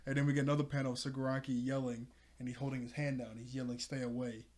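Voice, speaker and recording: A man's voice: medium pitch, little pitch movement, very fast, darkish tone. A man casually recapping and reviewing a comic chapter, rambling, correcting himself, with frequent ums and small laughs. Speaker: manga reaction host.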